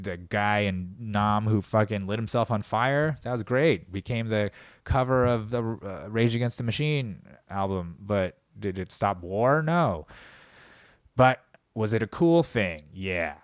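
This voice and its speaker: A man's voice: fairly low pitch, no echo, clean studio sound. Sarcastic rambling man on a podcast. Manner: rambling, sarcastic riffing with frequent laughs; swings between loud outbursts and mumbled asides. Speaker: podcast host. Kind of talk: comedic monologue.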